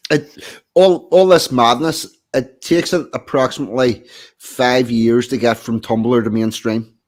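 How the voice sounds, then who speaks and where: A man's voice: mid-range voice, fairly even intonation, measured pace. A man co-hosting a casual stream chat, explaining things with a dry, joking manner. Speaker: stream co-host.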